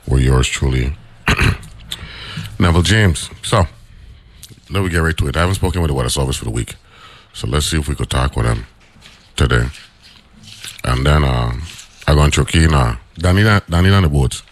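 Very deep-voiced radio host. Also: male voice, normal speed, long pauses. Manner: relaxed, chatty, loose island phrasing. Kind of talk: morning radio talk show.

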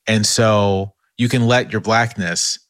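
A man's voice: lowish voice, fairly even intonation, slow, a bit bright, no echo. A man analyzing politics in a casual podcast discussion, thinking aloud with frequent restarts and "right?" tags.

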